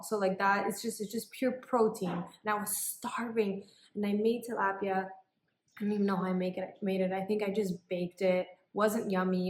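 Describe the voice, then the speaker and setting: Woman vlogger, casual storytelling, filler-heavy, mid pitch, roomy echo. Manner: chatty, many "like" and "um" fillers, animated retelling.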